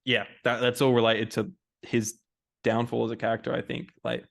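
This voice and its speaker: An Australian man hosting a casual recap podcast. He talks in a loose, rambling way, full of slang and the odd swear word, at an ordinary middle pitch. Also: completely flat delivery, normal speed, vocal fry. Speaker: podcast co-host.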